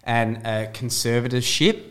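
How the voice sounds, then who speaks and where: A man's voice: mid-range voice, unhurried. A young man, co-hosting a casual podcast chat and acting out the people in his stories. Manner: animated storyteller, acts out quotes. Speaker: podcast co-host.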